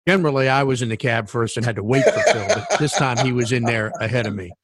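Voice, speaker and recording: A man's voice: medium pitch, lively intonation, fast talker. A man casually telling a long anecdote, with many ums and uhs along the way. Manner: rambling anecdote with many fillers. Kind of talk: casual storytelling.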